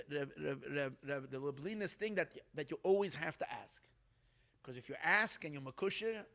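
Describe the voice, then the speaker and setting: High-voiced rabbi telling stories. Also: male voice. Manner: animated, halting, with frequent restarts. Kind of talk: storytelling talk.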